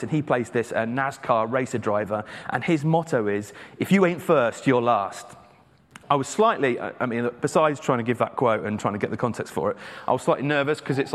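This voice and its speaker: Casting: man from England, mid-pitched preacher, relaxed, self-deprecating sermon delivery, long church reverb. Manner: conversational, self-deprecating with hesitant fillers.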